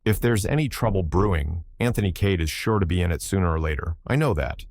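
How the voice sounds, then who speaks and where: A man's voice: low voice, expressive, fairly quick, a little mellow, dry recording, studio quality. A man doing a hearty, roguish old friend. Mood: jovial. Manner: hearty, chuckling.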